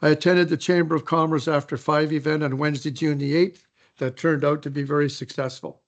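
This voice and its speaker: A man chairing a council meeting in a council chamber, reading his report and calling motions in a measured, procedural way. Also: on the high side, steady tone.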